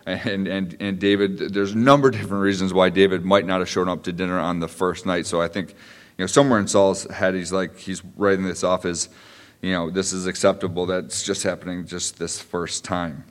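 Man, low voice, preaching, chatty with restarts, long hall reverb. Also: little pitch movement, fairly quick. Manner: conversational, many restarts and asides. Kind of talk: sermon.

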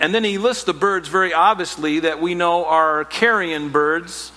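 A male pastor preaching a sermon, animated, with playful asides and self-mocking humor. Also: on the high side, moderate pace, long reverb tail.

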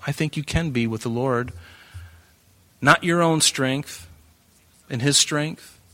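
A man preaching a sermon in an animated way, breaking into joking asides and acting out the voices of the people in his story. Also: mid-range voice, slow. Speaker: pastor.

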